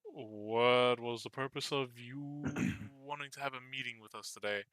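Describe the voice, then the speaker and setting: A man playing a businesslike half-orc man who asks formal questions slowly in a tabletop game. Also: mid-range voice, fairly bright tone, clean tone, close to an everyday voice.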